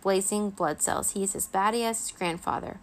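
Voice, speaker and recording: A woman's voice: fairly even intonation, moderate pace, lightly acted. A woman voicing a stern vampire mother who scolds and screeches, in a children's storybook reading. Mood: scolding. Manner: shrill, scolding, theatrical.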